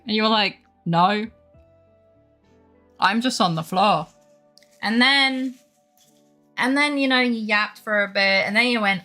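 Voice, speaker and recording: A woman streamer chatting casually with her live chat, rambling through a funny story with animated retellings. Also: medium pitch, a little slow, pauses often, soft background music. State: unwell with brain fog.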